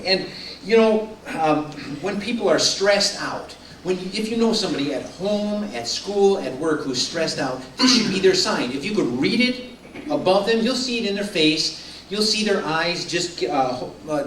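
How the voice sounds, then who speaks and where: A middle-aged man with a fairly high voice speaks to a group in a casual, sermon-like way, telling lively stories and laughing along. He sounds distant from the mic in an echoey hall with faint room noise behind him.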